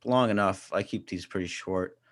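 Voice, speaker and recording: A man's voice: low-pitched, moderate pace. A man hosting a podcast, chatting casually with his guest and tossing in short reactions and jokes. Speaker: podcast host. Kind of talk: casual chat.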